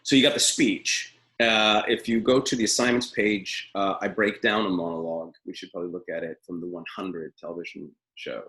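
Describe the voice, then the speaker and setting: A middle-aged man with a deep, gravelly voice teaches acting in a live webinar over a webcam from a room at home. He talks in an opinionated, rambling way, full of ums and uhs. His low voice has a steady fry running through it. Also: brisk, hardly any pauses, rough recording. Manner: opinionated, rambling, many fillers.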